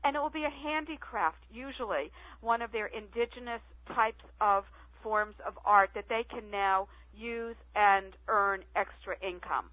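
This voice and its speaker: A woman guest telling stories on a phone-in radio interview, chatty and animated. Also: mid-range voice, a little slow, no echo. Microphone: telephone. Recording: tinny phone line, dry.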